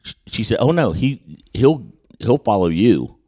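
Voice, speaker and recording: Host, male, very low voice, animated raconteur, stumbles and restarts as he acts out quotes. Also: a little slow, slightly rough. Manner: animated storyteller who acts out quotes, with frequent stammered restarts. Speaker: podcast host. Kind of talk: storytelling anecdote in casual chat.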